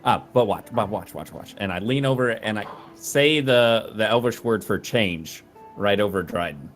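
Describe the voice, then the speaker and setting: A man's voice: fairly low pitch, moderate pace, soft background music. A man playing a tabletop game, talking in a playful, scheming way. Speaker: player. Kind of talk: tabletop role-play.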